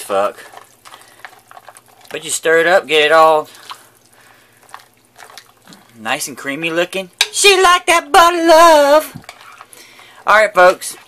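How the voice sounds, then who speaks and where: A man's voice: mid-range voice, pushed and bright, a little hiss or hum. A man chatting casually while cooking outdoors at a grill, crude and joking, stumbling over his words. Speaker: cooking vlogger. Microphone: camera mic.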